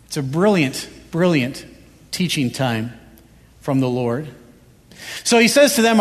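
In a church sanctuary, a male pastor preaches a sermon, hammering home his points with repeated rhetorical questions. His voice is high and expressive at a measured pace, and the hall is reverberant.

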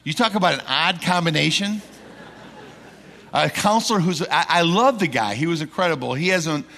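A man's voice: a little high, normal speed, creaky. A middle-aged man preaching a sermon in a church, telling stories and acting out the people in them. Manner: animated storyteller acting out quoted people. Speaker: missionary preacher. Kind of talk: sermon with storytelling. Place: church sanctuary. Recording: long reverb in a large hall.

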